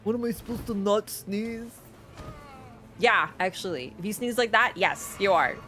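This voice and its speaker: A woman streamer talks casually to her chat while she plays, rambling from one thought to the next with lots of fillers and quick laughs. Her voice sits at an ordinary middle pitch. Game music plays faintly behind her. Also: sharp tone.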